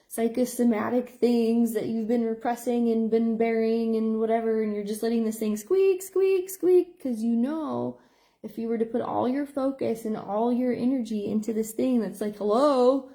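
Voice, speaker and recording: A middle-aged woman, a psychotherapist, talking in a rambling stream-of-consciousness monologue full of fillers. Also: mellow. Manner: rambling, filler-heavy, with playful squeak sound effects. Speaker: psychotherapist and behavior analyst.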